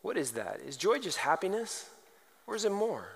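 A man's voice: high-pitched, big pitch swings, normal speed, gravelly. A man preaching a sermon, firing off rhetorical questions and telling humorous stories. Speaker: pastor. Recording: long hall reverb.

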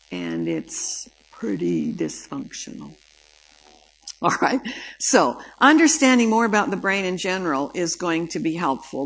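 Older female lecturer, lowish voice, animated storyteller who acts out the dialogue. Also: rough recording. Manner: lively anecdotal storytelling, acting out dialogue. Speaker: speaker giving a talk on the brain.

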